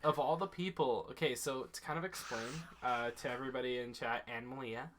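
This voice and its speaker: A man hosting a game stream and bantering with friends over voice chat. His voice has a bright, forward edge, and he keeps the talk loose and teasing. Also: medium pitch, steady tone, brisk, a little hiss or hum. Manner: joking, teasing, laughs often. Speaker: gaming streamer. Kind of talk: casual party chat on stream.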